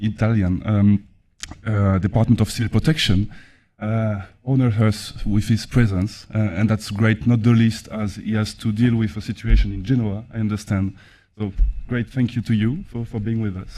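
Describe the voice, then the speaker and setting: A man with a French accent chairing a conference panel, speaking haltingly with many fillers and restarts. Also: on the low side, warm tone. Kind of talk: formal conference speech.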